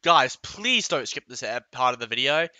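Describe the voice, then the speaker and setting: A man's voice: medium pitch, lively intonation, moderate pace, pushed and bright, clean tone, no room sound. A man ranting comically in a vlog, with exaggerated outbursts and yelps, recorded close and dry. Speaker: vlogger. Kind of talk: comedic rant vlog.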